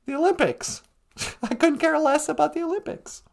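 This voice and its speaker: A woman's voice: sits high, normal speed, creaky. A woman from Minnesota doing a sarcastic, grumbling comedic monologue on a live stream from outdoors, laughing often.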